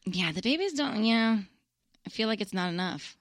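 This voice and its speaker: A woman in her thirties, a mother of twin toddlers, chatting casually as a podcast co-host and telling lively stories. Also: medium pitch, moderate pace, no room sound, studio quality. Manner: chatty, animated storytelling with laughs. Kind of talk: casual chat.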